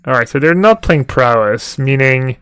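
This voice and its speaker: A man's voice: medium pitch, expressive, moderate pace, fairly bright tone, smooth, dry recording. A man streaming a card game live, chatting casually, thinking aloud and answering chat with fillers. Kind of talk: live-stream commentary while playing.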